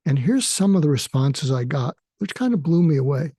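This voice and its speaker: A man's voice: a little high, very animated, dark tone, slightly rough, dry recording, studio quality. A man hosting his own podcast, speaking in a reflective monologue that halts often with fillers and restarts. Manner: halting, with frequent fillers and restarts. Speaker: podcast host and therapist.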